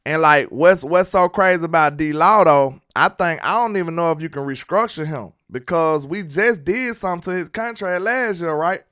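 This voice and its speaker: A man's voice: a little high, normal speed, few pauses, a bit bright, clean tone. Chatty man hosting a sports stream. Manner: chatty, reads and answers chat comments. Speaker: sports live-stream host. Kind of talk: casual sports commentary livestream. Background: hip hop beat playing.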